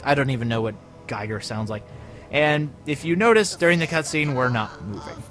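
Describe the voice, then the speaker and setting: A man's voice: fairly high pitch, animated, normal speed, a bit bright, faint music behind. A young man giving rambling, joking commentary over a video game. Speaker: let's play commentator. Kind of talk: gameplay commentary.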